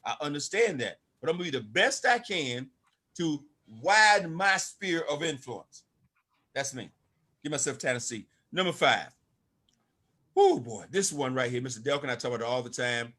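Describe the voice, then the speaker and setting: A man's voice: mid-range voice, sing-song, moderate pace, bright, forceful tone. An older man giving an emphatic, preachy motivational talk to an online audience as a network marketing speaker. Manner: preachy, emphatic, calls out to listeners.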